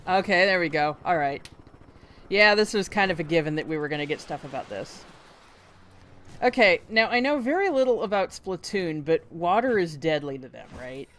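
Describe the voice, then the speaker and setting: A man's voice: high-pitched, animated, moderate pace, fairly bright tone, a little hiss or hum. A man hosting a casual reaction video, chatty and exclaiming, often laughing. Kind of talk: casual live reaction commentary.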